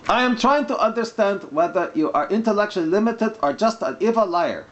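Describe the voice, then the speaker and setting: A man's voice: high voice, expressive, fairly quick, highs cut off, pitched above the performer's own voice. A man putting on a lecturing commenter with a mock Arabic accent. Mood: combative. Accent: put-on mock Arabic accent. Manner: combative, lecturing. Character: mocking caricature of an argumentative male online commenter.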